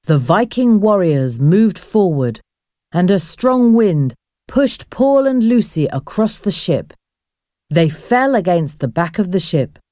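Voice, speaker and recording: A woman narrating a storybook in a slow, expressive reading voice. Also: lowish voice, no room sound, studio quality.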